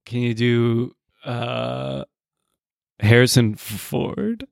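Man, casual podcast chat, gravelly, lively intonation, dry close sound, self-deprecating. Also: medium pitch, very slow, no echo. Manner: laughing, self-deprecating, hesitant. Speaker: podcast co-host. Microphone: headphones, podcast mic.

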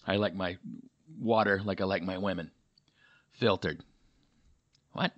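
A man's voice: low-pitched, steady tone, measured pace, a bit bright, lo-fi sound. A man hosting his comedy podcast in a rambling, jokey monologue full of fillers, recorded in a hotel room. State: slightly dehydrated. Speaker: podcast host. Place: hotel room with a heater running.

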